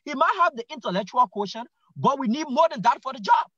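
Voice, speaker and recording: A man's voice: very high-pitched, lively intonation, quick pace, bright, forceful tone, slightly rough, no room sound, dull audio. A man with a Liberian English accent, a guest commentator on a political talk show, arguing his point emphatically, repeating himself and restarting lines. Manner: emphatic, repetitive argument with stammered restarts.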